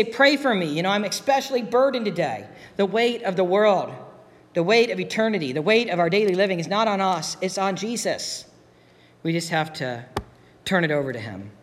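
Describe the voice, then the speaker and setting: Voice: mid-range voice, a bit bright. A pastor preaching a sermon in an earnest, conversational way, repeating key phrases. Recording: long reverb of a hall.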